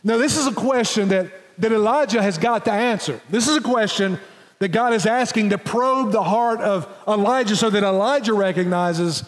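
A man's voice: sits high, moderate pace, in a large hall. A man preaching a sermon as pastor, emphatic and rising in intensity, acting out the lines of the story in his own voice. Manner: emphatic preaching, voices God and Elijah in quotes.

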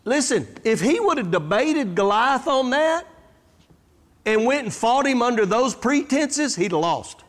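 A man's voice: very high voice, lively intonation, measured pace. A man preaching a sermon, telling stories with animation and drawing out his emphatic declarations. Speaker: guest preacher. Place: church sanctuary. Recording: church hall reverb.

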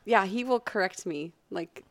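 A woman co-hosting a podcast in casual chat, encouraging and quick to laugh. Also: medium pitch. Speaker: podcast co-host.

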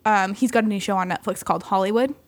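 A woman's voice: mid-range voice, fast talker, faint music behind. A woman chatting casually, telling stories with lots of laughter and acted-out quotes. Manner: animated storyteller, laughs often, acts out quotes. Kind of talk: casual chat.

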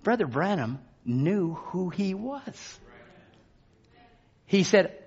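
A man delivers a sermon in a high, unhurried voice, leaning on repeated phrases. He drops to a hush and then rises to shouts. The recording sounds dull and lo-fi. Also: big pitch swings, husky. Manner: emphatic, swings from hushed to shouting. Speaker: preacher.

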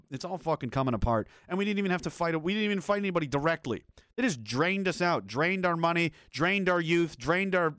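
Male stream host, fiery profane ranter, slightly high voice, dry close sound. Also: a bit bright, dry recording. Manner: heated, profane, sarcastic ranting. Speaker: livestream host reading chat. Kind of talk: angry political rant on a livestream.

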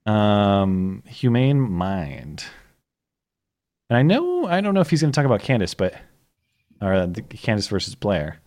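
A man hosting a live call-in show, relaxed and hesitant with many fillers. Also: lowish voice, moderate pace. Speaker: show host. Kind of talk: casual call-in chat.

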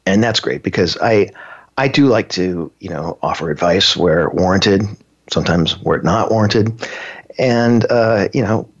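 A man's voice: low voice, unhurried. A male co-host in casual, playful banter, often dropping into a whisper as a joke. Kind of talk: casual chat. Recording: muffled lo-fi audio.

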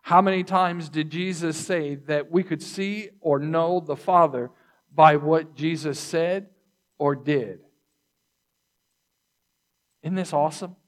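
Pastor, male, measured sermon delivery; unhurried pace, voice on the higher side. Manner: slow, deliberate teaching with repeated phrases; throat clearing between points.

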